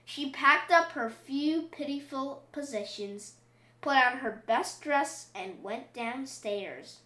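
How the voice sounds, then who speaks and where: A woman reading a picture book aloud, expressive and playful. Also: high voice, slow. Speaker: storybook reader. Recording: roomy echo.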